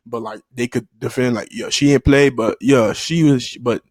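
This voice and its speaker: A man telling a childhood story to his audience in a loose, animated way, laughing often and jumping into the voices of the people in it. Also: medium pitch, normal speed, no echo, clean studio sound. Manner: loose and profane, addressing the audience directly. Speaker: storytime vlogger. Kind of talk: casual storytelling.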